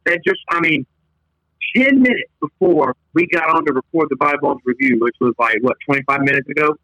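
A man's voice: fairly high pitch, a little fast, bright, forceful tone, no echo, highs cut off. A man co-hosting a podcast, chatting casually and rambling, trailing off mid-thought. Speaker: podcast co-host.

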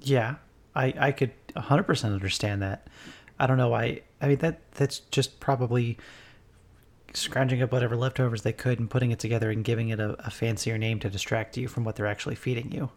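A man's voice: mid-range voice, steady tone, brisk. A man in casual podcast chat, teasing his co-host with dry, wry remarks.

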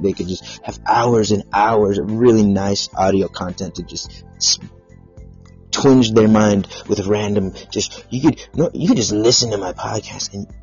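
A man's voice: fairly low pitch, darkish tone, slightly rough, muffled recording. A man hosting his own podcast livestream, rambling in a profane, self-aggrandizing way. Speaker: podcast host.

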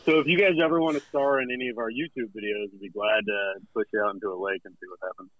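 A man talking as a guest in a casual interview, relaxed and halting with many fillers. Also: lowish voice, lo-fi sound, slight background noise. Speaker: guest, company representative.

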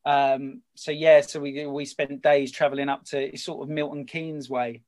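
A man, a podcast guest, chatting casually and telling a story with lively energy. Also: fairly high pitch, normal speed. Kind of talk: casual chat.

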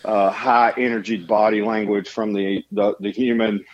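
A man from Alabama, a dog trainer, giving steady, instructive answers in an interview. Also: lowish voice, normal speed, no room sound, rough recording.

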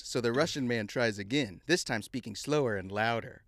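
A man's voice: mid-range voice, normal speed, few pauses, dry recording, studio quality. A man co-hosting a podcast in casual chat, reading a joke aloud and laughing often. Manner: giggly and animated, laughs often. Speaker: podcast co-host.

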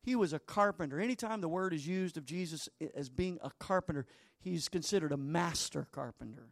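A male pastor preaching a sermon in a dramatic way, dropping to hushed asides and then rising to emphatic lines. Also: a little high, fairly quick, vocal fry, no echo.

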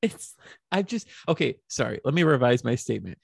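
Young woman co-host, low and gravelly, lively pitch, dry close mic, playful teasing. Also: brisk, no room sound. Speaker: podcast co-host. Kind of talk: casual chat.

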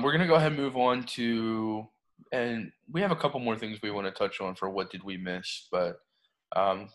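Man, young adult, easygoing podcast chat, slightly low voice. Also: fairly bright tone. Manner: easygoing, steers the talk. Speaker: podcast co-host. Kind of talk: casual chat about pro wrestling.

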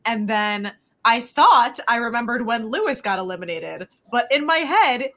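A woman co-hosting a podcast, telling stories in a lively, laughing way. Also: a little high. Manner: animated storytelling with quick laughs. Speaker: podcast co-host. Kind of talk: casual recap chat.

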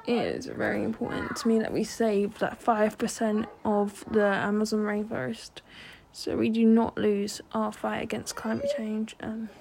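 A woman's voice: medium pitch, level tone, moderate pace, vocal fry, noisy background. A young woman hosting her own podcast, talking earnestly with many ums and restarts. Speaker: podcast host. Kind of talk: solo podcast monologue.

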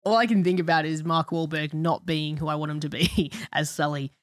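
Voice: medium pitch, fairly even intonation, brisk, dry recording, studio quality. A podcast co-host in casual chat, swearing constantly and ranting.

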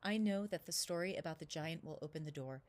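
A woman's voice: low voice, fairly quick, darkish tone, voice pushed down, close to an everyday voice. A woman voicing an eager, stubborn young boy who pleads and insists. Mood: earnest.

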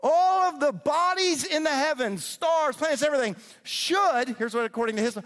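A middle-aged man giving an animated sermon-style teaching, often checking in with his listeners. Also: extremely high pitch, moderate pace. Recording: long reverb of a large hall.

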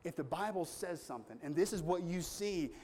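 Male pastor, sermon; conversational, earnest, slightly high-pitched. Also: expressive, a little fast, darkish tone. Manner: earnest, conversational storytelling with strong emphasis.

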